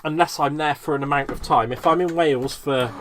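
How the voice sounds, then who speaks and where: A man's voice: on the high side, fairly quick, a bit bright, a little hiss or hum. A man hosting a live crafting stream, chatting casually and laughing at himself as he works. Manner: chatty, self-mocking, laughs often.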